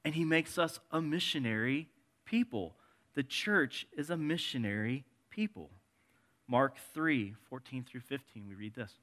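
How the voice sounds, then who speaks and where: Delivering a sermon in a conversational style, a man alternates between gentle and forceful moments and reads passages of scripture aloud. His voice is medium-pitched and animated, and he speaks a little slowly.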